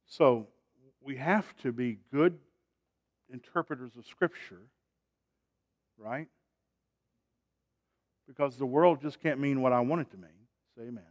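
A man preaching a sermon, swinging from loud, emphatic calls to quiet, drawn-out phrases and asking the congregation to respond. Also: medium pitch.

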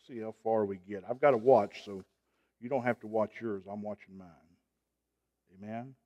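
A man preaching a sermon, emphatic, with call-and-response and loud rising peaks. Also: lowish voice, moderate pace, muffled recording.

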